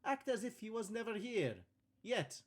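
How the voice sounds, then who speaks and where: A man's voice: high-pitched, very animated, unhurried, voice pushed up, full character voice. A man hamming up an Italian hotel host. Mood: grandiose. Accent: fake Italian. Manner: theatrical, florid pronouncements. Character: eccentric Italian hotel host, grand and cryptic.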